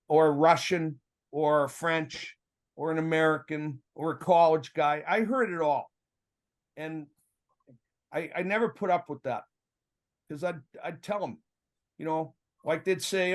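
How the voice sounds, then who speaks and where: He speaks at a measured pace, pausing often, his voice on the high side. An older man and former referee, he tells animated stories in a casual podcast chat, acting out quoted exchanges and frequently chuckling.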